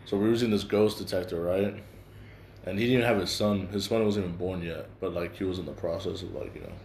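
A man's voice: sits low, fairly even intonation, fast, a little mellow, slight background noise. A young man hosting a casual chat, telling stories in a slangy, profane way full of fillers. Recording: echoey room.

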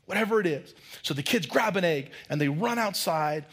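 Husky-voiced pastor telling a story. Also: male voice, high voice, lively intonation, moderate pace, fairly bright tone. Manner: storytelling, acts out voices of children and teacher. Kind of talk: sermon.

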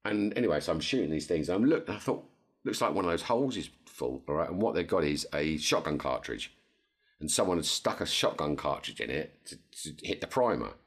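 A very deep-voiced man tells a rambling story on a casual podcast. He is animated and jumps sharply higher whenever he quotes someone. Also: brisk, slightly rough. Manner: animated, jumps to high pitch when quoting others. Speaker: podcast co-host.

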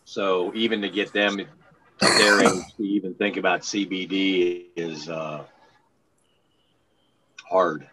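A man from Maryland in casual podcast chat, rambling and halting with frequent restarts. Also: low-pitched, flat delivery, very noisy. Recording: muffled lo-fi sound.

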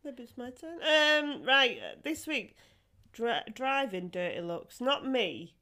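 A woman's voice: high-pitched, takes it slowly. Chatty woman. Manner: chatty, animated, laughing storyteller. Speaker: podcast co-host. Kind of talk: casual chat.

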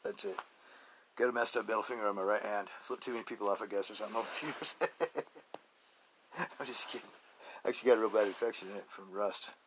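A man's voice: on the low side, fast, pauses often, fairly bright tone, a little hiss or hum. A man hosting his own podcast, rambling through a casual, joking monologue, laughing often and drifting between stories and life advice. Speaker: podcast host.

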